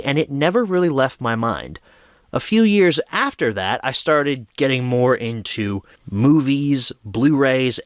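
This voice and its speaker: Brief: young male film review host, chatty and animated, dry sound. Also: mid-range voice, dry recording. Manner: chatty, self-deprecating, lively storytelling. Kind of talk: casual film review monologue.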